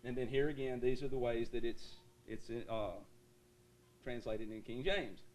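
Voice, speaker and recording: A man's voice: medium pitch, fairly even intonation, normal speed. Emphatic preacher man reading scripture. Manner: emphatic preaching that turns to a quieter, explanatory lecture tone; asks the congregation for an amen. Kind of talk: sermon with scripture reading and teaching. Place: church congregation.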